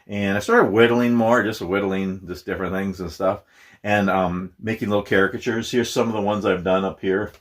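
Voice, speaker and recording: A middle-aged man from Minnesota chats in a loose, rambling vlog. His voice sits a little low, and he keeps making fun of himself and laughing along the way. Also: steady tone, moderate pace. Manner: rambling, self-deprecating, laughs often. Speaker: YouTuber.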